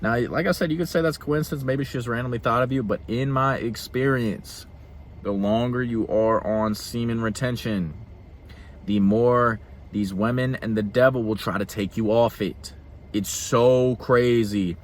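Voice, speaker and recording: A young man with a mid-range voice vlogs straight to camera in an earnest monologue, with a little hiss or hum in the audio. He speaks emphatically, repeating phrases for stress and breaking into quick laughs.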